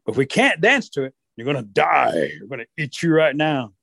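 A man voicing a pack of hungry male wolves in a told folk tale, gruff and demanding. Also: fairly high pitch, big pitch swings, brisk, a bit bright, no room sound, studio quality, heavily acted. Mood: threatening.

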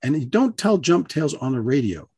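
A man telling a personal story aloud on the radio, animated, acting out the voices of the people in it. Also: fairly quick, slightly rough, no room sound, clean studio sound. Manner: animated, acts out voices with big pitch jumps.

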